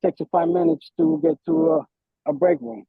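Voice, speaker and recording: A man's voice: high-pitched, very animated, moderate pace, gravelly, breathy edge, no echo. A man, a bus operator, giving an emphatic, frustrated public comment at a transit board meeting. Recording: tinny phone-like sound.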